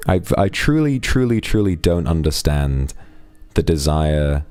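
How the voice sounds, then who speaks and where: A man's voice: rumbling low, sing-song, a little slow, darkish tone, clean tone, dry recording, faint music behind. A young man streaming live, thanking donors and chatting frankly and playfully with his audience. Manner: frank, teasing banter with chat. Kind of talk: casual live-stream chat.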